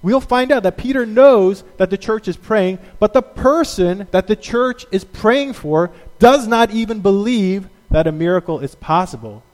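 A man preaching a sermon as a pastor, telling stories in an animated way and acting out the quotes. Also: high voice, normal speed, hardly any pauses, long reverb tail.

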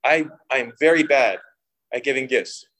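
A young man preaching a sermon, mixing humorous personal stories with scripture and lively voiced quotes. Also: medium pitch, normal speed, poor audio. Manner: storytelling with humor, animated quoting. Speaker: pastor.

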